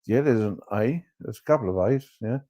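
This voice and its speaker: A man's voice: lowish voice, lively intonation, brisk, warm tone, no echo. A man, co-hosting a casual comedy podcast, joking and agreeing a lot. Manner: jokey, agreeable, many yeahs. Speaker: podcast co-host.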